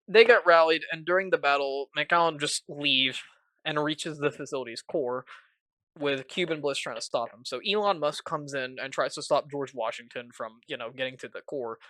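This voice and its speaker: A man's voice: mid-range voice, bright, forceful tone, no echo. A male student narrating a casual video essay, rambling and joking with lots of filler words. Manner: rambling, jokey, heavy use of filler words.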